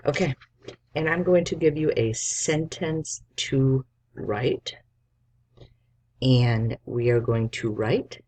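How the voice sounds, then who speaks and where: A man's voice: medium pitch, expressive, slow, darkish tone, slight background noise. A male teacher giving a spelling lesson to young children, dictating words and patiently sounding out each letter.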